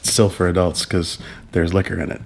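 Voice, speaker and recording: Low-ish guy rambling on his home vlog, neutral accent, lots of ums, laughing here and there, talking low so the baby sleeps. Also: little pitch movement, moderate pace, gravelly. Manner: keeps voice down so as not to wake a baby. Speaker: vlog co-host. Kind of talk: casual chat at home. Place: home at night.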